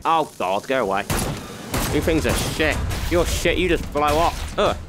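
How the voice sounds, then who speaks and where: A man's voice: fairly high pitch, lively intonation, measured pace, over music. A young man in a let's-play video, joking and yelping at scares as he narrates the game. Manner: jokey, yelps and laughs at scares. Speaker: gaming YouTuber. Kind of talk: excited let's-play commentary.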